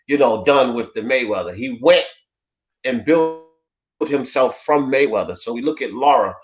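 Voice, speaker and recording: A man's voice: mid-range voice, normal speed. A man hosting a casual sports talk panel, rambling through a summary and calling on his panelists by name. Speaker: host of a sports talk show.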